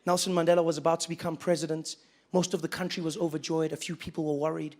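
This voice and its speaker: A South African man in his thirties doing stand-up, telling a story with an animated, repetitive rhythm. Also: a little high, quick pace. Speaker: stand-up comedian.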